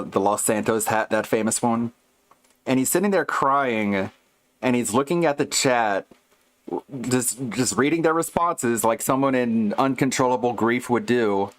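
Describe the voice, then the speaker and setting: A man streaming live, reacting to clips with casual, incredulous and mocking commentary. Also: on the low side.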